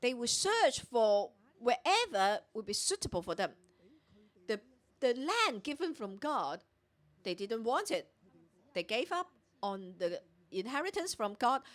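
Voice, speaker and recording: A woman delivers a morning prayer sermon, teaching through a scripture passage verse by verse. Her voice sits high and swings widely in pitch, and she brings the characters' lines to life as she retells the story. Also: fairly bright tone.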